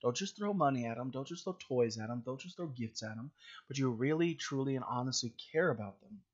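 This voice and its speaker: A man's voice: medium pitch, lively intonation, brisk, lo-fi sound. A man preaching a sermon in a plain conversational way, with frequent fillers and restarts.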